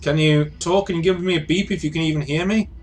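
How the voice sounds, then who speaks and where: A man playing a doubtful tech-minded ally who hedges and restarts as he talks. His voice sits a little higher than normal, with faint ambience behind. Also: steady tone, fast talker, slight background noise, close to an everyday voice. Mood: skeptical. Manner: doubtful, hesitant.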